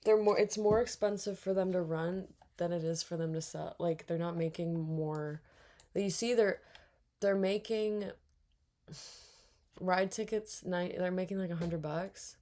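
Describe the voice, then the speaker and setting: A young woman giving casual let's-play commentary, reacting out loud, muttering to herself and swearing a lot. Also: on the low side. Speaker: gaming streamer.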